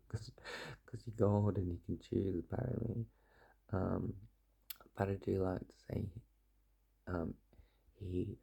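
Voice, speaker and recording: A man's voice: on the low side, gravelly, mellow, husky. A young man chatting casually to camera, rambling and swearing freely, in a playful put-on accent. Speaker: vlogger.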